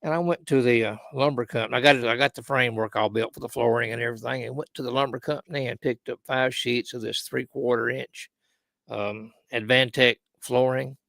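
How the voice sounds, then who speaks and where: Southern guy, gravelly voice, laid-back folksy storytelling, dry mic. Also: medium pitch, fairly even intonation, a little fast, fairly bright tone, no echo. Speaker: returning co-host. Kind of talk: casual storytelling chat.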